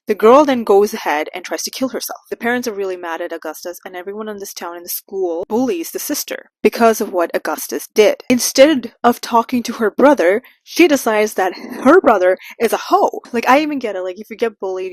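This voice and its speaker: A woman's voice: mid-range voice, no echo. A young woman vlogging a casual, sarcastic and exasperated rant about a book.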